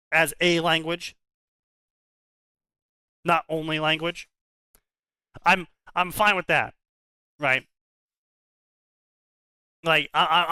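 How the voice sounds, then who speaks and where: Bright, crisp-voiced man ranting. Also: on the high side, no echo. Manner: ranting, profane, repeats words when starting. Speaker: podcast co-host. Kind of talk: casual banter.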